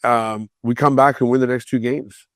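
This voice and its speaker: A man's voice: mid-range voice, moderate pace, no echo, clean studio sound. Profane man telling hockey war stories. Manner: profane, animated, acts out quoted voices. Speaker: podcast guest, former pro hockey player. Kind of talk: casual storytelling on a podcast.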